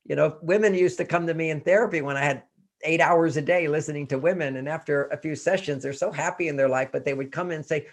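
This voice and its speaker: An older man telling personal stories and giving relationship advice in a live interview, animated and often laughing. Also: fairly high pitch, fast talker. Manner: animated storyteller, acts out quotes, laughs often. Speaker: relationship author and guest.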